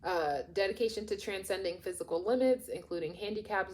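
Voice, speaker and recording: A woman's voice: medium pitch, normal speed. A woman giving a casual tarot reading, rambling and chatty with lots of fillers, often acting out imagined quotes. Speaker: tarot reader.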